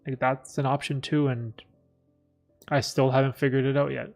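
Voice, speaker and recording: A man's voice: medium pitch, level tone, normal speed, faint music behind. Candid man rambling on a live stream. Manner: candid, rambling, frequent fillers and throat clearing. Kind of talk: casual live stream chat, reading chat.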